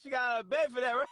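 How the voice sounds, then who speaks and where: A man hosting a casual livestream, laughing often and reacting loudly and profanely to his chat. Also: very high voice, dry recording. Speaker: livestream host.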